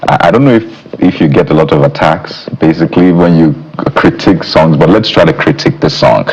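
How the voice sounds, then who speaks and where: A man's voice: very deep voice, animated, brisk, a little mellow, slightly rough, highs cut off. A man hosting a studio interview on TV, asking questions with hesitant "uh"s and restarts. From Nigeria. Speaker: TV show host.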